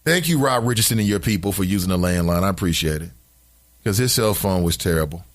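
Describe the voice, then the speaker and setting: A man's voice: deep voice, fast talker. A man hosting a talk radio show, reading out listener comments and ranting emphatically about them in a casual way. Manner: animated, emphatic, preachy rants.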